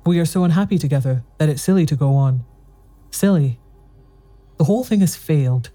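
A narrator voicing a weary, unhappy husband who answers quietly and steadily. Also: mid-range voice, a little fast, faint music behind, close to an everyday voice. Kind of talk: audiobook dialogue reading.

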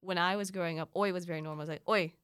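Young woman from the Philippines, Filipino native speaker, lowish pitch, dry close sound, casual chatty talk. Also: steady tone, fairly bright tone, clear, resonant tone, dry recording. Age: young adult. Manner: chatty, quick asides and playful voices. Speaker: guest. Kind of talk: casual chat.

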